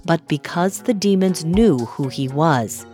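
A woman giving a measured, even reading of a scripture passage. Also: sits low, faint music behind. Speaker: Bible reader.

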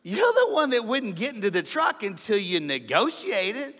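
A middle-aged man preaching a comedic sermon, animated, joking and acting out the voices of his listeners. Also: high voice, moderate pace. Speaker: pastor. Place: large church hall. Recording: sermon in a reverberant church.

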